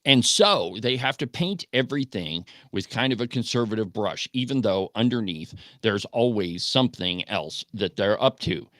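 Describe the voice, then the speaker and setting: A man's voice: fairly low pitch, expressive, moderate pace, few pauses, a bit bright, no room sound, studio quality. A man hosting an opinionated political talk radio show, speaking emphatically and firing off rhetorical questions. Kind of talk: opinionated call-in radio commentary.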